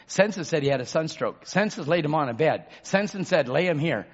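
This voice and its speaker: A preacher with a fairly high, lively voice that rises from low murmurs to shouted emphasis. He calls to the congregation for amens as he goes. The recording sounds dull and muffled. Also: normal speed. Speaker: pastor. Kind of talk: sermon.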